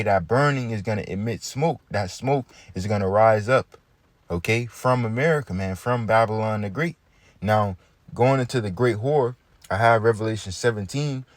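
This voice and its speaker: Low-voiced man teaching scripture. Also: no echo. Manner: reads verses aloud, checks in with frequent "okay?"; casual, calls listeners "man". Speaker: Bible teacher.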